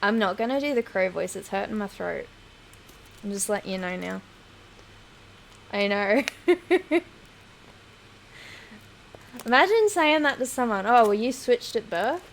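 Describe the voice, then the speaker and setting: A woman's voice: fairly high pitch, lively intonation, measured pace, gravelly, long pauses, a little hiss or hum. A woman streamer chatting casually over gameplay, laughing often and swearing freely, on a home desk microphone.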